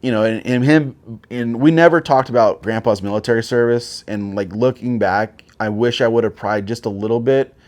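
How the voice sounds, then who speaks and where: A man's voice: mid-range voice, moderate pace, a little mellow. A man in his forties, a Marine veteran guest, telling his story casually with lots of swearing and filler words. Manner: profane, rambling, with many fillers.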